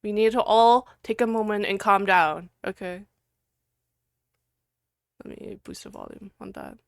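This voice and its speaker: A woman streaming live, chatting casually with viewers, giggling and breaking into loud outbursts, then muttering to herself while she clicks around. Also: mid-range voice, a little slow, vocal fry, no room sound, studio quality.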